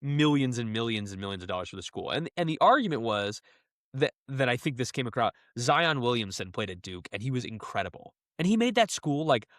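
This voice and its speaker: Lively young man on a podcast. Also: mid-range voice, dry recording, studio quality. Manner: animated, laughs often, quick asides. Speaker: podcast co-host. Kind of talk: casual chat.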